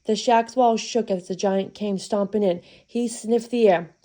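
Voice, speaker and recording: Woman storyteller, mellow tone, folksy playful read-aloud of a children's tale. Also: medium pitch, steady tone, measured pace.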